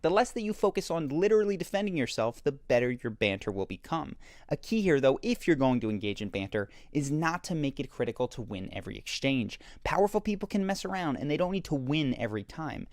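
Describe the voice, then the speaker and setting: A man narrating a scripted video essay that explains confident behavior, in a measured, explanatory way. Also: mid-range voice, a little mellow, no echo, clean studio sound. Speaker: commentator analyzing a TV character.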